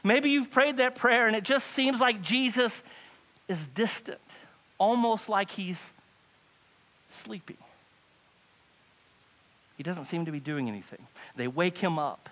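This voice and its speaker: A male pastor preaching a sermon to a congregation in a church, dropping to hushed lines and rising to loud pleading. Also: high-pitched, expressive, slow, pauses often.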